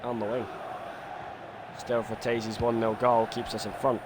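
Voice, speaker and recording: A man streaming a football video game, doing his own match commentary that swings from quiet musing to shouted goal calls. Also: medium pitch, flat delivery, normal speed. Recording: noisy background ambience.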